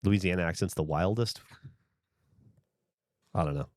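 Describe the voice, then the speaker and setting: A man's voice: deep voice, unhurried, a little mellow, no echo, studio quality. A man from the American South with no regional accent left, hosting a livestream and chatting casually, rambling and swearing freely as he answers viewer comments. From Southern United States. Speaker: livestream host.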